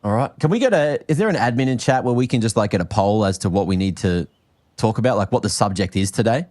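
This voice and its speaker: Playful male caster with lively pitch. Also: fast. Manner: playful, mock-exasperated, jokey. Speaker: esports caster. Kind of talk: casual co-commentary banter.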